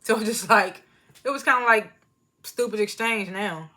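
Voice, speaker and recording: A woman with a medium-pitched, sharp-toned voice speaks at a measured pace, reviewing a reality show in a casual, chatty recap. She rambles loosely, uses plenty of slang, and often laughs at herself.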